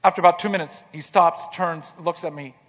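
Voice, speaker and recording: A man telling a personal story in an earnest way, repeating words as he starts and going quiet in tender moments. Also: on the high side, steady tone, a little fast, long reverb tail. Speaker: speaker telling his life story.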